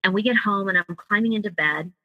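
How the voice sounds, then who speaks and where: Speaking at a medium pitch and a slightly quick pace, this woman tells a personal story as an interview guest, voicing the lines of the people she quotes with feeling and color. There's no room sound, and the high frequencies are cut off.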